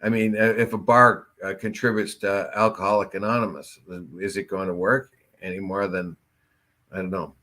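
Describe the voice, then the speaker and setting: Male talk co-host, somewhat low voice, rambling storyteller, casual chat. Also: fairly even intonation, normal speed, pushed and bright. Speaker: co-host of a local talk show.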